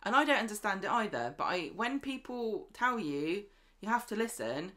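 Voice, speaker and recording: Woman, podcast co-host, lively storyteller, mid pitch, chatty recap. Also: normal speed. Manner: animated retelling, acting out characters' lines. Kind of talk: casual chat recapping a soap.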